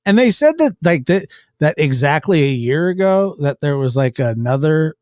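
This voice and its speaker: A man's voice: a little high, very animated, normal speed, a little mellow, slight background noise. A man giving casual commentary as he reacts to news clips, rambling with restarts and chuckles.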